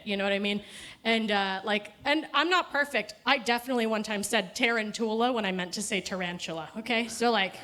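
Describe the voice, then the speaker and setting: A woman's voice: medium pitch, fairly bright tone. A young woman doing stand-up into a stage mic, chatty and freely profane. She rants in a loose, run-on way and keeps breaking into laughter at her own lines. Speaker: stand-up comedian. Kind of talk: stand-up set. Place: comedy festival stage.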